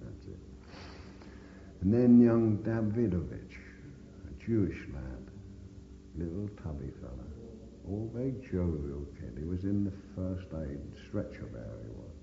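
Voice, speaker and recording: Gravelly older man, blunt and swearing. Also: sits low, sing-song, a little slow, noisy background. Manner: blunt storyteller, swears constantly. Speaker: veteran interviewee. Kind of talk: oral history recollection. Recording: dull echoey recording in reverberant room.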